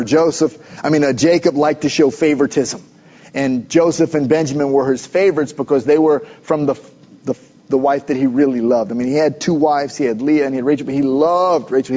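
A male pastor preaching a sermon in a conversational, animated storytelling way, with rhetorical questions. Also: a little high. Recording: dull lo-fi recording.

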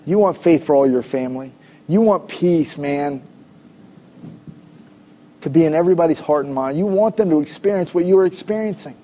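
A middle-aged man preaching a sermon as pastor, conversational and animated, with asides to the congregation. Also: fairly high pitch, moderate pace, pauses often, muffled recording, slight background noise.

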